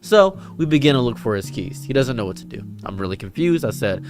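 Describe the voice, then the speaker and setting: A man's voice: mid-range voice, big pitch swings, fairly quick. A man telling personal stories in an earnest, preachy monologue about kindness. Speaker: streamer and commentary creator. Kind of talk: reflective storytelling monologue. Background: faint guitar music.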